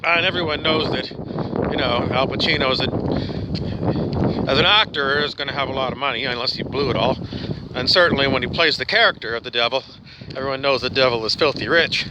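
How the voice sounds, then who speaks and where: A man's voice: medium pitch, brisk. A man with a weak put-on Australian accent, rambling through an improvised comic monologue in mock-guru patter, swearing now and then. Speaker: comic host. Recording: wind-buffeted outdoor mic noise.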